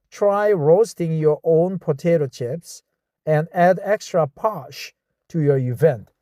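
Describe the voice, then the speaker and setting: A man from South Korea, whose first language is Korean, practicing an English script aloud with a Korean accent, slowly repeating words and phrases and correcting himself mid-word. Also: fairly high pitch, mellow, no echo, clean studio sound. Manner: slow, repeats words and phrases over and over to drill them. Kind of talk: reading practice with self-commentary.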